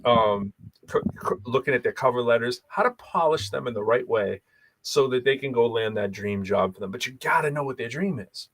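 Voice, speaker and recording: A man's voice: mid-range voice, a little fast, dry recording. Rambling man with a light Boston accent. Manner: rambling, animated storyteller with many restarts. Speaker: podcast co-host. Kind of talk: casual chat.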